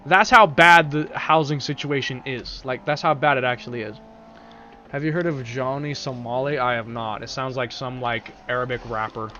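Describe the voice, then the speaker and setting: A man's voice: mid-range voice, normal speed, sharp tone, dull audio, a little hiss or hum. Man chatting on stream with a sore throat. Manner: rambling, casual, swears freely. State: sore throat, speaking carefully. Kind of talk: casual live-stream chat while gaming.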